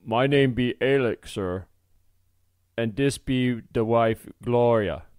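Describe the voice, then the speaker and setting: A man's voice: mid-range voice, slow, a little mellow, clear, resonant tone, no room sound, clean studio sound, natural voice. A man voicing a skinny, hungry runaway man who speaks nervously and pleads. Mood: pleading.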